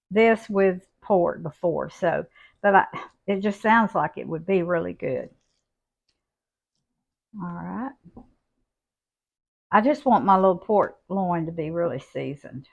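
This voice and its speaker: An older woman, showing a home cooking recipe in a folksy, unhurried way from her kitchen. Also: fairly low pitch, vocal fry, muffled recording. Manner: folksy, unhurried, homey talk. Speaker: cooking channel host.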